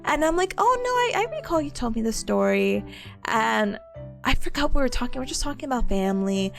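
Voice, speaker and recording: A woman's voice: on the high side, moderate pace, gravelly, pauses often, soft background music. A young woman streamer chatting casually, telling a story with lots of laughter and acted-out quotes. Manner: animated storytelling, frequent laughs, acts out quotes. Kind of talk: casual chat.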